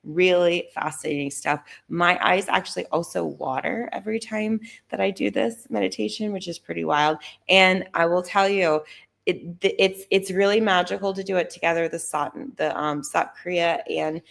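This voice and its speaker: A woman's voice: fairly low pitch, normal speed, vocal fry, fairly bright tone. A woman who is a holistic doctor, leading a live Kundalini yoga class with casual, chatty instructions and rhythmic chanting.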